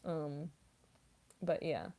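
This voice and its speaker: Her voice is low and creaky with a dark tone, swinging widely in pitch as she draws out her words. This voice actress and streamer, a classically trained singer, responds to viewer comments in relaxed livestream chatter full of "like" and "um."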